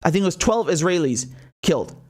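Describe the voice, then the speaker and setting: A man's voice: on the high side, animated, brisk. A man delivering a heated, sarcastic political opinion monologue as host of his own show. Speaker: political commentator.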